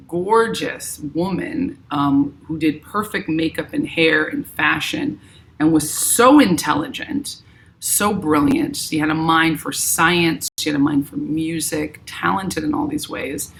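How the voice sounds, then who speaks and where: A woman's voice: sits low, creaky, a little hiss or hum. A middle-aged woman from New York with a slight New York accent, chatting casually as host of a live stream and reading viewer comments aloud.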